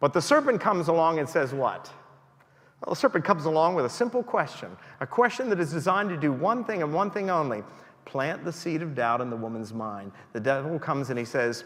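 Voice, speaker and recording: A man's voice: a little high, expressive, brisk, fairly bright tone, in a large hall. A man preaching a sermon in a church, emphatic and rising and falling for emphasis.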